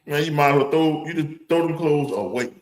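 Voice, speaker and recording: A man's voice: a little high, a little fast, poor audio. Laughing New Orleans man, cussing. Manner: profane, laughs often, animated storytelling. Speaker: podcast co-host. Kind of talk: casual chat.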